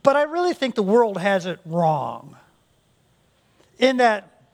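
A man's voice: high-pitched, big pitch swings, takes it slowly, gravelly. A male pastor preaching a sermon, earnest, often repeating words as he restarts his sentences.

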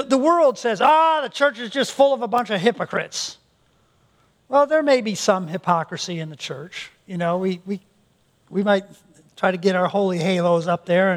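Earnest high-voiced male pastor preaching. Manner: earnest, repeats words as he restarts. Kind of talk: sermon.

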